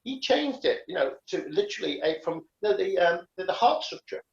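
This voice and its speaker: A man with a lively, up-and-down voice talks casually over a beer and rambles through restarts and fillers. The sound is roomy and a little dull. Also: high voice, a little fast, vocal fry. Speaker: karate instructor.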